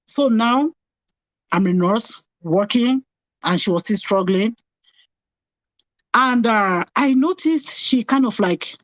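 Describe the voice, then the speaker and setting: A middle-aged woman tells her own story as a guest in an interview, with a voice of medium pitch. She is animated, acts out old conversations and keeps repeating phrases to stress them. The recording is dry, with almost no room sound. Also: no echo, poor audio.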